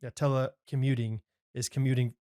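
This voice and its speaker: A man's voice: mid-range voice, flat delivery, a little fast, mellow. A man co-hosting a podcast in casual chat, easygoing and joking. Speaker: podcast co-host.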